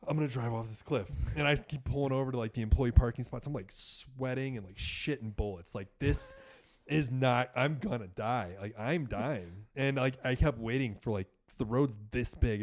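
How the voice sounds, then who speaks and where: A man who is a podcast guest, telling a story in a casual, animated way, full of fillers and swearing. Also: medium pitch, normal speed.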